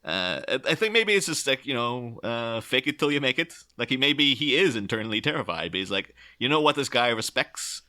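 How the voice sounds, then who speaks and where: A man's voice: mid-range voice, fairly quick, hardly any pauses. A man hosting a casual film podcast, acting out lines as he talks. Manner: animated, acts out quotes. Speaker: podcast host.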